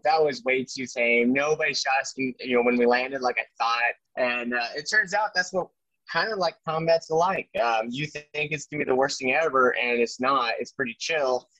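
A man, an army veteran, telling war stories in a casual interview, animated and full of fillers and restarts. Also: mid-range voice, dry recording. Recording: dry, dull lo-fi sound.

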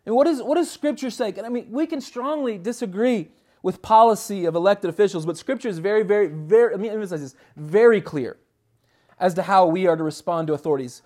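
A man's voice: high-pitched, a little fast, darkish tone. A man preaching a sermon from the United States, earnest and emphatic, reading scripture aloud and restarting phrases as he presses his points. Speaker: pastor.

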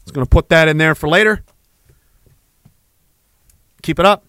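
A man hosting a podcast in a fiery, profane rant that is full of sarcasm. His voice is high and bright. It sounds dry and close to the mic. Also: normal speed, no room sound. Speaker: podcast host.

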